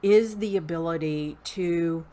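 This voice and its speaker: A woman with a Southern US accent gives a spoken lesson at a very slow pace. Her voice sits fairly low, and she pauses often with ums as she explains. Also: warm tone. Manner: unhurried and halting, with frequent ums. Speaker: teacher of an online Wicca class.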